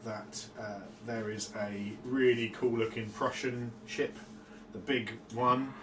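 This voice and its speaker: A man's voice: mid-range voice, fairly even intonation, slow. A man chatting casually and joking while playing a tabletop wargame, explaining lore at length. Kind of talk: casual chat during a game. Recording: roomy distant mic with background noise.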